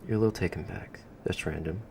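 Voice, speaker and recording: A man calmly narrating a second-person story in a plain, unhurried way. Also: low-pitched, creaky, slight background noise.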